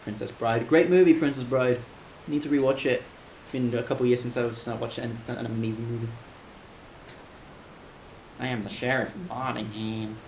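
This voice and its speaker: Gravelly man chatting. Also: medium pitch, steady tone, quick pace, darkish tone. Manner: rambling, self-correcting, chatty. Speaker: speedrunner streaming. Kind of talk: casual chat with stream viewers while playing. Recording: roomy echo, faint background noise.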